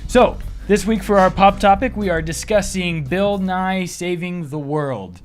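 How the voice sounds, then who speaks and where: A young adult man co-hosting a casual comedic podcast, joking and animated. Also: high voice, soft background music. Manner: jokey, animated, drawn-out phrasing when joking. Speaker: podcast co-host.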